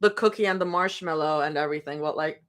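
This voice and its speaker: A woman's voice: deep voice, fast, a bit bright. A young woman streaming from home, chatting casually and rambling between snacks during a live reading. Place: home room.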